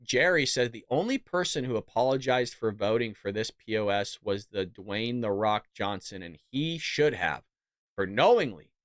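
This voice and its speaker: A man's voice: lowish voice, animated, normal speed, dry recording, studio quality. A man hosting a casual political commentary show in a mocking, sarcastic way. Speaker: show host.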